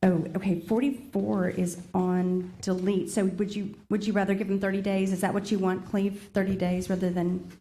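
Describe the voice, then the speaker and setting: A woman's voice: mid-range voice, flat delivery, normal speed, hardly any pauses, dark tone. A woman chairing a public meeting. She reads long lists of agenda numbers and apologizes often.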